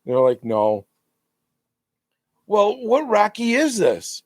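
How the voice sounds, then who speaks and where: A man co-hosting a podcast in casual chat, retelling a funny skit with animated energy and laughter into his podcast microphone. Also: high-pitched, slow pace, no room sound, clean studio sound. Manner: animated storyteller who laughs while retelling. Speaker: podcast co-host.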